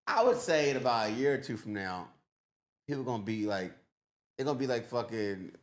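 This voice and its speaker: Animated man telling comic stories. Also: mid-range voice, fairly quick. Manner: animated storyteller with comic put-on voices. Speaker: podcast guest. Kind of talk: casual podcast chat.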